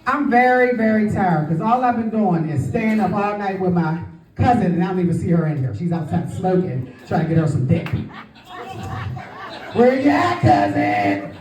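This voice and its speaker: This woman's stand-up set is brash and audience-focused, full of calling out to people in the club. She speaks at a normal pace with a medium, expressive, slightly mellow voice; the mic is distant, the sound roomy, and a faint crowd hums behind her.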